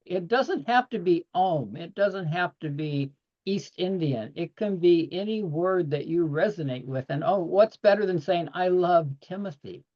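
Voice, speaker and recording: A man's voice: sits high, expressive, measured pace. Man, panel guest, earnest, expansive, laughs often, dull lo-fi audio. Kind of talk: casual panel discussion.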